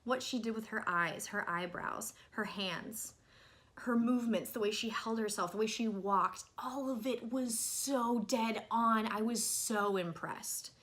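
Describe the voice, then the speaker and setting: A young woman talking casually to camera in a film review vlog, animated and exasperated, jumping from loud outbursts to soft asides. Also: fairly high pitch, a little slow.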